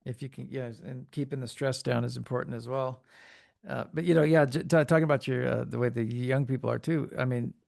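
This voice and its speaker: A man hosting a podcast, chatting casually in a relaxed way and laughing easily while telling a story. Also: medium pitch, brisk, gravelly. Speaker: podcast host. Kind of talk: casual chat.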